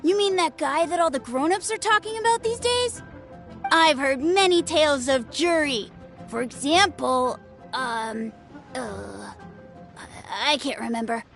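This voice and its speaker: A woman voicing an eager, easily flattered young girl who fancies herself a sword master, in video game dialogue. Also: high voice, a little slow, creaky, soft background music, heavily acted. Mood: chatty. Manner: bouncy, excited, easily flattered.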